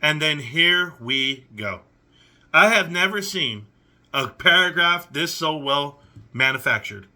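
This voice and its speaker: A man's voice: on the high side, animated, takes it slowly, pushed and bright. A young adult man hosting a reaction commentary, reading messages aloud and picking at them with sarcastic, incredulous questions. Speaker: commentary channel host.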